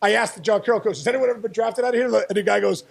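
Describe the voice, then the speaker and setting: Guest spot: gravelly, husky-voiced man, high-pitched for a man, animated storyteller who stumbles and repeats words. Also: racing. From Pittsburgh area. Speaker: podcast guest, former baseball player. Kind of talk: storytelling interview.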